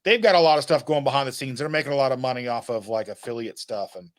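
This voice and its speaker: A man's voice: medium pitch, quick pace, crowd noise. A man hosting a podcast, talking casually and rambling through his stories with frequent restarts and fillers. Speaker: podcast host. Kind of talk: casual chat.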